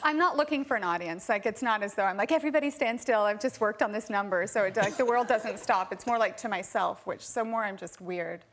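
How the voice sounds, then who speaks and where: A woman's voice: mid-range voice, brisk, few pauses, background noise. A woman chatting as a talk show guest, giggly and self-deprecating. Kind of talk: chat-show anecdote. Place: TV studio with live audience.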